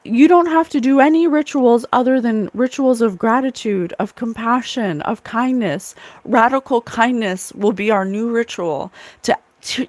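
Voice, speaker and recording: Woman psychic host, earnest and emphatic, mid pitch, dry close sound. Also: no room sound. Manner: earnest, emphatic, repeats phrases. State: tearful at times. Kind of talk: spiritual livestream talk to a chat.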